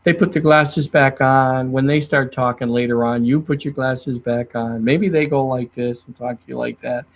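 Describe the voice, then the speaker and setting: A middle-aged man who trains salespeople. He talks in a lively way to the camera and acts out his clients as he tells stories. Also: medium pitch, normal speed, hardly any pauses. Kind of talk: speaking to the camera about selling. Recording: dull lo-fi sound.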